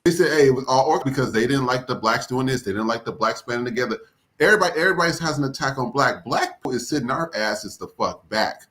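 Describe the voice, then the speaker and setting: A man's voice: mid-range voice, lively intonation, quick pace, sharp tone. A man co-hosting a podcast, ranting in heated, casual, profane commentary with exasperation. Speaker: podcast co-host.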